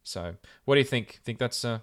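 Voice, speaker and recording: An Australian man hosting a podcast, chatting in a relaxed way with plenty of fillers. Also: medium pitch, normal speed. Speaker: podcast host. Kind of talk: casual podcast chat.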